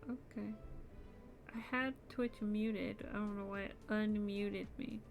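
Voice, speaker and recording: A woman's voice: mid-range voice, fairly even intonation, takes it slowly, gravelly, dull audio, music in the background. A young adult woman streaming her crochet, chatting casually and sounding sleepy and yawny. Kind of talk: casual live-stream chat.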